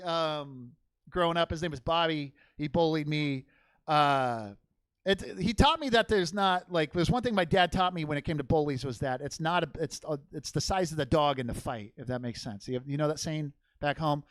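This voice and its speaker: Young male stand-up, high-pitched, loud and rambling, swears a lot, dry close sound. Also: clear, resonant tone, dry recording. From Portland, Oregon. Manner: loud, rambling and profane, laughing at his own jokes. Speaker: stand-up comedian. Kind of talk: stand-up crowd work and storytelling. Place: comedy theater stage.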